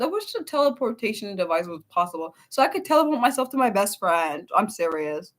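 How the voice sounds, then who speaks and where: A woman's voice: mid-range voice, huge pitch swings, fairly quick, few pauses. A young woman hosting an unscripted livestream, rambling and breaking off mid-sentence as she answers her chat. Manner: rambling, self-interrupting, answers chat aloud. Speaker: livestream host.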